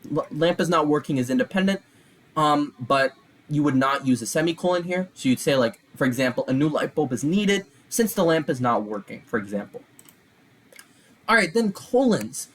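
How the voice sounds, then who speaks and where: A man's voice: a little high, fairly bright tone. A male tutor giving a recorded grammar lesson, explaining step by step with some fillers and restarts.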